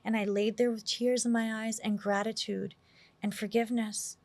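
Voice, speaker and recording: A woman's voice: on the high side, level tone, moderate pace, a little mellow, dry recording. A middle-aged woman from New York City, a guest in an interview, telling a personal story in a candid, casual way full of "like" and "you know".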